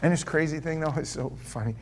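Pastor preaching in a slightly higher voice. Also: male voice, fast talker. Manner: conversational storytelling with rhetorical questions. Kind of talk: sermon. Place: church.

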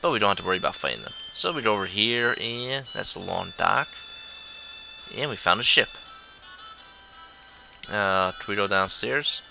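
Guy chatting over a game, low gravelly voice, bouncy and lively. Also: moderate pace, long pauses, soft background music, low-quality recording. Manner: jokey, reads all the game dialogue aloud in goofy voices. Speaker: let's play host. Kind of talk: casual gameplay commentary.

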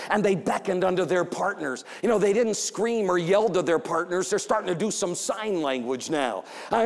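High gravelly evangelist preaching in a church hall. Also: male voice. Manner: animated storytelling, acts out quoted voices, repeats phrases for emphasis. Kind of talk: revival sermon. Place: church sanctuary. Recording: long church hall reverb.

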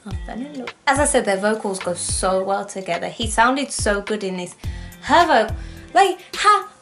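A young woman reacting on her vlog, excitable and rambling, often gasping. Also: medium pitch, normal speed. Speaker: music reaction YouTuber. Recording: faint music playing behind. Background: faint music.

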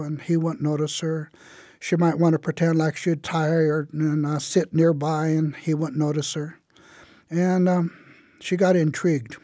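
A man telling a traditional tale in a relaxed, conversational way with frequent fillers. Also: a little high, dry recording, studio quality. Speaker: storyteller. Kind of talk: oral storytelling of a traditional tale.

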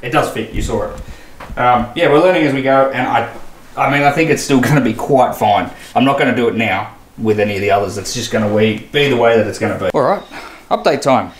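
Australian man, casual self-critical build commentary, mid pitch, echoey shed. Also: brisk. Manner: thinking aloud, self-critical, easygoing. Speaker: boat builder vlogger. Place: boat shed workshop. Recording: echoey workshop, faint background noise.

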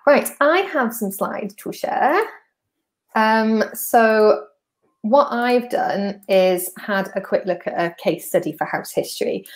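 A chatty woman from North Wales hosts a podcast, talking through a walkthrough at mid pitch. She explains things step by step in an easygoing, conversational way. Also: slow pace. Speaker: podcast host. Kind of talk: casual explanatory walkthrough of slides.

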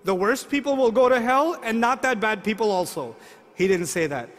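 A middle-aged man preaching a sermon, asking the audience lively rhetorical questions. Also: high-pitched, moderate pace. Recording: long hall reverb.

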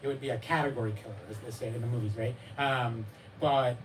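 An author speaks fast in a medium-pitched, fairly level voice at a live bookstore event about his memoir. He meanders and jokes at his own expense, restarting often and using fillers, and laughs while playing his child and his readers. The distant mic catches the room along with a little hiss or hum.

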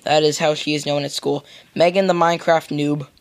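A man's voice: on the high side, little pitch movement, a little fast. A young American man rambling through casual gameplay commentary, goofy and full of silly "boop" sound effects. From United States. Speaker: gamer.

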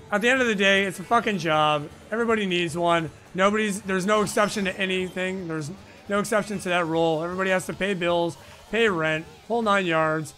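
A man with a high, bright voice chats casually while hosting a gaming stream, rambling and swearing freely. He speaks close to a boom-arm microphone at his home desk. Faint game music plays behind him. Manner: rambling, profane, frequent "like" fillers. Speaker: live-stream gaming host.

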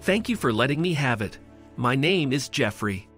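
A man reading the lines of a kind, polite homeless man in a gentle, courteous way, with soft music behind. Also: medium pitch, very animated, moderate pace.

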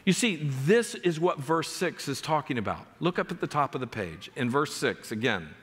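Pastor, male, earnest sermon delivery, raised pitch, reverberant sanctuary. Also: very animated, normal speed, a bit bright, husky. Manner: earnest preaching, reads scripture aloud, rises in pitch for emphasis. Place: church sanctuary. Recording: long reverb of a church hall.

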